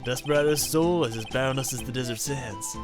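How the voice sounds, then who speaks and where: A man's voice: mid-range voice, brisk, music in the background, close to an everyday voice. A man voicing a laid-back wandering cowboy detective with a Western drawl, reading game dialogue aloud.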